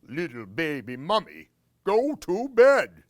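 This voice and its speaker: A man's voice: fairly high pitch, lively intonation, takes it slowly, fairly bright tone, no room sound, clean studio sound, heavily acted. A man voicing a gooey male swamp monster in a storybook, with a singsong warning tone.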